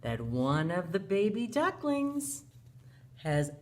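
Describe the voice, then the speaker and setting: A woman teacher reading a picture book aloud to young children in an animated way, gasping and asking them questions. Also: on the low side, slow.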